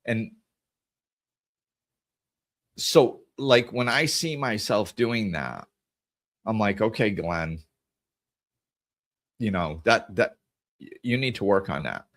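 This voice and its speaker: A man's voice: lowish voice, fairly bright tone. A middle-aged man hosting a podcast, giving an earnest reflective monologue on scripture and the inner life, often repeating and correcting his words as he goes. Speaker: podcast host.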